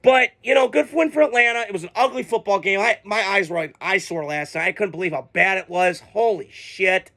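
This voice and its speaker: Guy ranting about football, high gravelly voice, swears a lot, super exasperated. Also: a little fast, few pauses, bright, forceful tone. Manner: heated, profane, exasperated outbursts. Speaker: sports podcast host. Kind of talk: casual ranting commentary.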